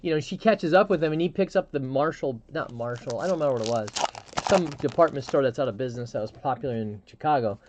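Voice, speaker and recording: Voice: medium pitch, quick pace, background noise. A live stream host chatting casually, telling a rambling story with frequent restarts and fillers.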